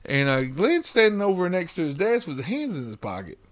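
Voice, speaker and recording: Animated, foul-mouthed male storyteller. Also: a little high, a little fast. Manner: animated, heavy swearing, acts out quotes. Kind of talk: casual storytelling chat.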